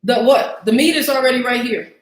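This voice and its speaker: This cooking show host runs a relaxed live stream from her home kitchen, talking chattily to viewers and poking fun at herself. She speaks a little fast in a voice on the high side, and the sound is reverberant.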